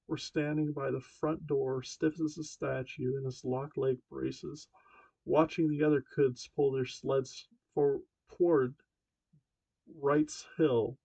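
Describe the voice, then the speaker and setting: A man's voice: medium pitch, creaky, dark tone, husky, no room sound. A man narrating a novel as an amateur audiobook reader, stumbling over words and correcting himself. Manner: stumbling reading with self-corrections. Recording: dull dry lo-fi home recording.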